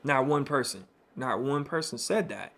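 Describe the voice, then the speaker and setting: A man's voice: medium pitch, lively intonation, normal speed, fairly bright tone. A man hosting his own podcast, telling a personal story in a candid, conversational way full of fillers and asides. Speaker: podcast host.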